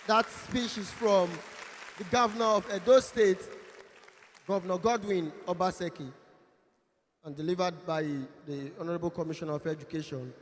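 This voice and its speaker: A Nigerian man hosts a ceremony with loud, playful announcing and pidgin banter. His voice sits high for a man. It rings out with a long reverb, as in a large hall. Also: normal speed, a faint crowd, a little hiss or hum. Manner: lively, joking, loud announcing. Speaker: master of ceremonies. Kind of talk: event emceeing with comic pidgin banter.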